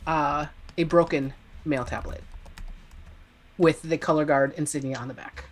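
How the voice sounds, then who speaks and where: Low-voiced woman game master. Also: a little slow. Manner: relaxed, hesitant narration. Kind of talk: narrating a tabletop game.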